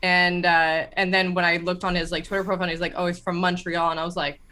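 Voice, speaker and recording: A woman in casual chat between tabletop game sessions, excitable and rambling, swearing freely. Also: on the low side, fast. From Canada.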